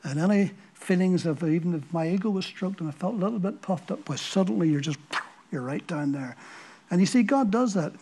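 A man's voice: high voice, expressive, fairly quick, warm tone, breathy edge. An older man preaching a sermon, telling a personal story in a conversational way with frequent repeated words. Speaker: pastor.

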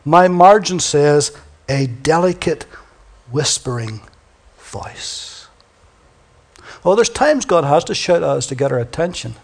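Preacher swinging from booming to whispered. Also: male voice, animated, moderate pace, gravelly, few pauses. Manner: swings from booming declarations to hushed near-whispers; reads scripture aloud dramatically. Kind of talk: sermon.

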